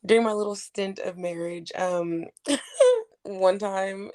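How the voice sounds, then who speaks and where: A woman's voice: mid-range voice, little pitch movement, a little slow, darkish tone. Young woman telling stories with a laugh. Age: 20s. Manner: candid, swearing, laughing through stories. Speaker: podcast co-host. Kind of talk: casual storytelling chat.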